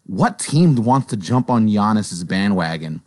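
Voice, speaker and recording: A man's voice: fairly low pitch, animated, unhurried, mellow, no echo, studio quality. A man co-hosting a sports talk show, giving blunt, strong opinions in a conversational way.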